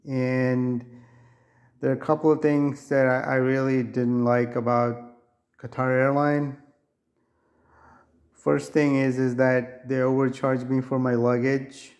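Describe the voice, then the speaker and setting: A man talks through a complaint in a casual vlog, his voice still nasal from being sick. He speaks slowly and evenly, with little rise and fall, and often backs up to restart a thought. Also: medium pitch, darkish tone. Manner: halting, with restarts and fillers. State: nasal from recovering illness. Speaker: vlogger.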